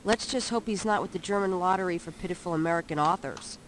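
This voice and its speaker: An actress playing a sharp-tongued young woman shop assistant in a 1990s adventure game, sassy and dry. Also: lowish voice, quick pace, background noise, close to an everyday voice.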